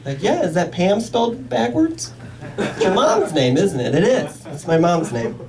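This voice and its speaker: A young man from Indiana doing a stand-up comedy set in a club, animated and acting out the people in his stories. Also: high voice, unhurried, crowd noise. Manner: animated, acts out quoted voices. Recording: live club sound from a distance. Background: audience.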